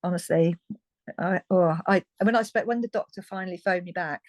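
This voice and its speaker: A woman's voice: medium pitch, brisk, no room sound. A British woman in her fifties, a guest telling her story in a frank, chatty way, often restarting and laughing lightly. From United Kingdom. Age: 50s. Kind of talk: candid conversational storytelling.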